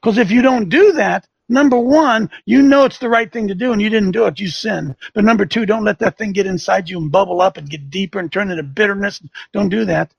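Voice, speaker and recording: Gravelly, high-pitched fiery male host. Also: fairly quick, hardly any pauses, no echo, dull audio. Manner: combative, rhetorical questions, preachy. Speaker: talk show host and coach. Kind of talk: fiery commentary with a call-in feel.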